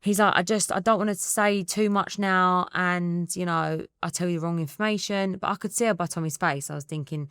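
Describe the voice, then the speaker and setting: A woman in her thirties with an Essex accent, a guest telling her story in a candid interview, quick and acting out the dialogue. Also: lowish voice, steady tone, fairly bright tone, clear, resonant tone, no echo, clean studio sound. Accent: Essex English. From England. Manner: rapid storytelling that re-enacts dialogue.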